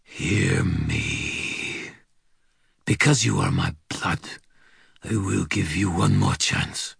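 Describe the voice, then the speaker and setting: Storybook villain: a man playing a contemptuous male dog-spirit, deep and slow with menace. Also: vocal fry, fairly bright tone, slightly rough, dry recording, studio quality, full character voice. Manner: slow, snarling, archaic menace.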